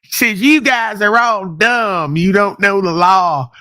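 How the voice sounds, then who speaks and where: A man mimicking a whiny high-pitched rival streamer. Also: pushed and bright, exaggerated voice. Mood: mocking. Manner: slow, exaggerated, mocking whine.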